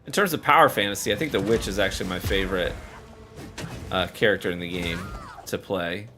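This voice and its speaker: A man casually commenting on a video game as he plays, chatty and quick to laugh. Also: low voice, faint music behind. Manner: chatty, laughs often, animated reactions. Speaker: gaming streamer.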